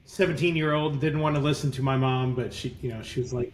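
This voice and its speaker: A man in his fifties telling rambling, animated stories as a podcast guest. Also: medium pitch, normal speed, roomy sound, a little hiss or hum, rough recording. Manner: rambling, animated, self-correcting anecdotes. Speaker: guest entrepreneur. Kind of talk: conversational interview storytelling.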